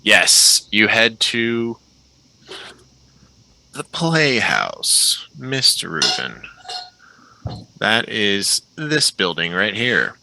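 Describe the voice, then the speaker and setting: Male game master, unhurried narration, bright tone, swings in pitch. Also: creaky, slight background noise, poor audio. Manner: relaxed, descriptive, with frequent fillers.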